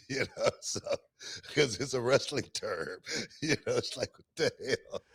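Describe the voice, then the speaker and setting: A middle-aged man co-hosting a casual podcast chat, relaxed and often breaking into laughter as he tells stories. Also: mid-range voice, unhurried, gravelly, slightly rough, dry recording, clean studio sound. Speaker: co-host.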